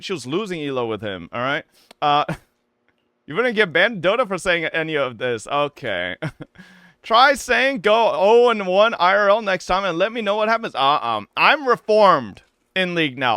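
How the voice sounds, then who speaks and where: A man's voice: high-pitched, pushed and bright, clear, resonant tone, dry recording, studio quality. A young man streaming, telling a profane gaming story to his chat in a casual ranting way, full of "right?" tags.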